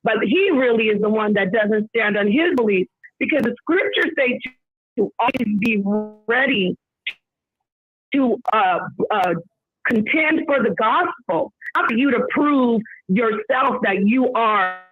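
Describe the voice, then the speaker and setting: A woman's voice: fairly high pitch, lively intonation, measured pace. A woman in a heated call-in debate, insistent and pushing to be heard, quoting scripture as she argues. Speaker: debate guest. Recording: tinny phone line.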